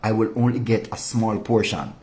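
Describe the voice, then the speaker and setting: Male pastor, low-pitched voice, impassioned sermon, rebuking, quiet emphatic drops. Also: fairly even intonation, normal speed.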